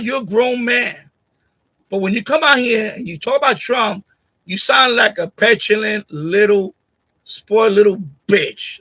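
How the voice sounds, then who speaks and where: On a rough recording from a home USB condenser mic on a boom arm, a livestreaming man with a high, sharp, slightly rough voice rants straight at a viewer. His delivery is combative and repetitive.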